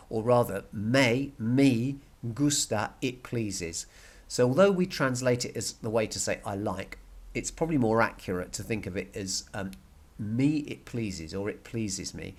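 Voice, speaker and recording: A man teaching a recorded Spanish grammar lesson, patient and repeating words slowly for learners. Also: mid-range voice.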